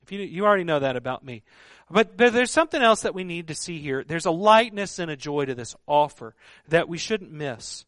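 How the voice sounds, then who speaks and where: Earnest high-voiced male preacher. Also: lively intonation, brisk, no room sound, studio quality. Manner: earnest, emphatic, drops to a hushed voice for stress. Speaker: pastor. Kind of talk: sermon.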